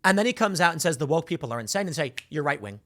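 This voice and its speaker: A man hosting a solo political commentary, animated and sarcastic, acting out little voices to make his points. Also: a little high, racing.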